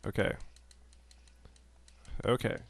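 A man giving casual, chatty commentary while streaming a video game, talking to his chat and to the characters on screen. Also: slow. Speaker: gameplay streamer. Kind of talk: casual live gameplay commentary.

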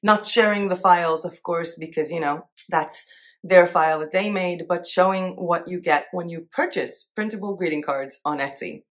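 A woman talks her way through a screen-share in an easy, conversational tone. Her voice sits a little low, and she thinks out loud as she goes, often slipping into small giggles. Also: normal speed. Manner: chatty, thinks aloud, giggles easily. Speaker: Etsy seller and art vlogger. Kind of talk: casual screen-share commentary.

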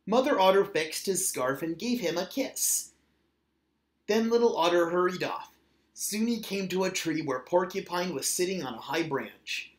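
A man's voice: sits high, normal speed. Man reading a children's book aloud. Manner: plain, steady read-aloud. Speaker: storybook reader. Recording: roomy echo.

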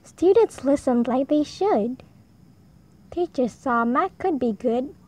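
At home, a storybook reader shares a rhyming picture book with small children in a gentle, sing-song read-aloud style. Her voice is high and animated, and she moves slowly, taking her time over each line.

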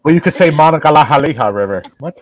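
A man's voice: fairly high pitch, lively intonation, fast. Man, group chat host, teasing and crude, plenty of jokes.

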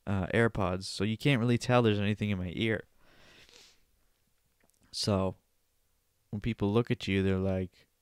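A man's voice: on the low side, smooth, no echo. A young man hosting a casual solo podcast from Canada, rambling and joking, swearing freely and sniffling now and then, on a close desk microphone. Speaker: podcast host.

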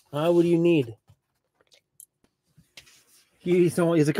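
A young man chatting casually to viewers from inside his van, lively and talkative, fussing over his dog. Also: a little high, takes it slowly, long pauses. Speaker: van life vlogger. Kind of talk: casual livestream chat.

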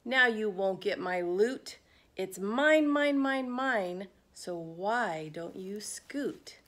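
A woman voicing a greedy, shouty pug dog. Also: medium pitch, lively intonation, slow pace. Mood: possessive. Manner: shouty, possessive.

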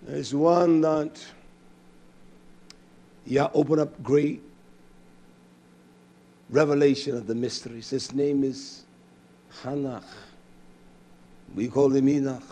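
A man preaching a fiery sermon with impassioned swings from shouting to hushed tones. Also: mid-range voice, steady tone, takes it slowly, pauses often.

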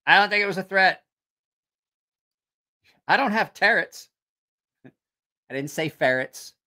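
A man's voice: high voice, lively intonation, slow, pushed and bright. A man hosting a casual livestream, telling rambling, profane stories and reacting to viewer comments. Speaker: channel host.

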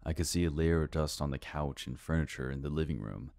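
A man narrating a first-person horror story in a slow, even, scripted storytelling delivery. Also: extremely low pitch, gravelly. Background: faint background music.

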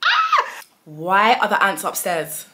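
A woman in her thirties, a vlogger telling a storytime tale in an animated, dramatic way, full of fillers. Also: fairly low pitch, normal speed, very noisy. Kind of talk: storytime vlog.

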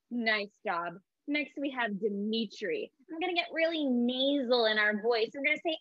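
Brief: woman teaching artist, bright sing-song instructor, highish voice, dry and slightly dull sound. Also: expressive, normal speed, few pauses, no echo. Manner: upbeat, sing-song, leads call-and-response with voices. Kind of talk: guided movement warm-up for kids.

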